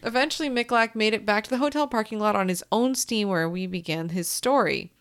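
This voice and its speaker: A woman's voice: medium pitch, a little fast, fairly bright tone. A woman reading a story aloud in casual chat, dry and blunt, with offhand swearing. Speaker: podcast co-host.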